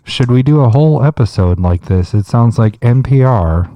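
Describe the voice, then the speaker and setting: A man putting on a slow, deadpan public-radio announcer voice, muffled by his hands cupped over the mic. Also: mid-range voice, no echo, pitched below the performer's own voice. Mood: deadpan solemn. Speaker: podcast co-host.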